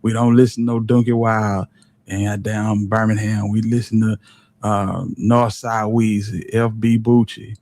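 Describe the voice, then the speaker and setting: A man, on the lower side, hosts a commentary stream. He talks in a casual, disbelieving, wry tone. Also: little pitch movement, measured pace, a little mellow. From Alabama. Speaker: commentary host.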